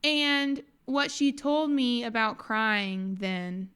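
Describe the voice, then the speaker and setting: A woman's voice: fairly high pitch, drawn-out words, fairly bright tone, clear, resonant tone. A woman hosting a casual podcast interview, chatty, telling personal stories and asking follow-up questions. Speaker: podcast host.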